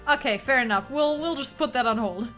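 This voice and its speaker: A woman's voice: high voice, normal speed, fairly bright tone, soft background music. A woman chatting playfully with friends while playing a story game, often giggling. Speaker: player. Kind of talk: casual game-night chat.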